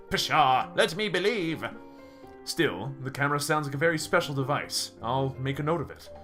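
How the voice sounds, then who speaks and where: A man's voice: on the high side, expressive, moderate pace, fairly bright tone, faint music behind. A man voicing an eager young female sparrow assistant in a game, with a chirpy, upbeat delivery.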